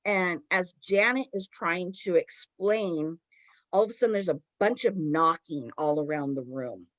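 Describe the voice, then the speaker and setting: A woman co-hosting a podcast, retelling a story in a casual, animated way with lots of "like". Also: lowish voice, a little slow, dry recording. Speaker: podcast co-host.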